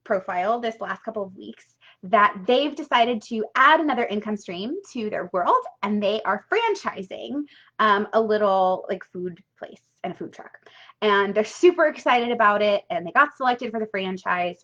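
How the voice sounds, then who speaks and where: A woman's voice: medium pitch, expressive, unhurried, a bit bright. A woman coaching a live money workshop, chatty and emphatic, often tagging on "right?" and casual swearing. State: tearful at times. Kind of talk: casual live-stream teaching. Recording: dull lo-fi live-stream audio.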